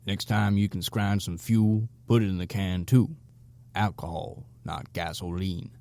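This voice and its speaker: A man voicing a gruff, folksy older homeless man with a raspy Southern accent. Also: low-pitched, steady tone, measured pace, darkish tone. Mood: gruff advice.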